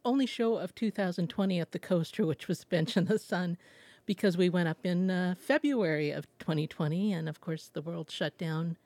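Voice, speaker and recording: Low-voiced woman theater director. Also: moderate pace, dark tone, dry recording. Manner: thoughtful, retells at length with small restarts. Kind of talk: casual radio interview.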